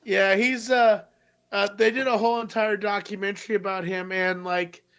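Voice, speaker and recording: A man chatting casually on a podcast, relaxed and meandering with some hesitations. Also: high-pitched, normal speed, clean tone, dull audio. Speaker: podcast co-host. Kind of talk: casual chat.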